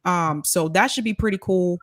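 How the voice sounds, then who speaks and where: A woman's voice: lowish voice, normal speed. A woman co-hosting a podcast, chatting casually with hesitant fillers. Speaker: podcast co-host. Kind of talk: casual chat.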